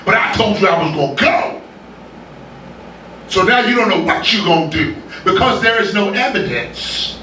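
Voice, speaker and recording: Man, pastor, lively joking sermon, high and bright voice, echoey church from a distance. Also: moderate pace, a little hiss or hum. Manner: lively, joking, with laughter from the congregation. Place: church sanctuary.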